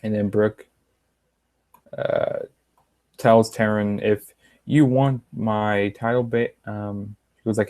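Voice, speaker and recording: A man's voice: lowish voice, fairly even intonation, slow, long pauses, darkish tone, no echo. A young man casually reviewing a wrestling show, rambling with many fillers and retelling lines in a slightly raised voice.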